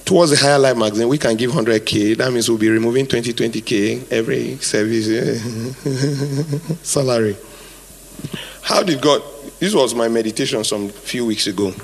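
A man's voice: medium pitch, normal speed, a little hiss or hum. A male pastor preaching a sermon, emphatic and repetitive, drawing answers from the congregation, recorded live in a hall. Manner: emphatic, repeats phrases, asks the congregation to fill in words.

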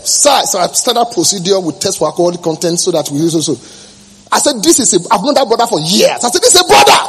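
A male pastor preaching a passionate sermon, swinging between quiet remarks and sudden shouts. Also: high-pitched, slight background noise, rough recording.

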